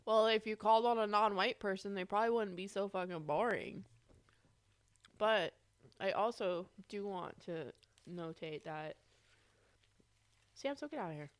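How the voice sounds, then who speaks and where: A woman's voice: medium pitch, normal speed, long pauses. A young woman co-hosting an unedited podcast, talking loosely and laughing as she eats. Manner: loose, rambling, laughs often. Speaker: podcast co-host. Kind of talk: unedited casual chat.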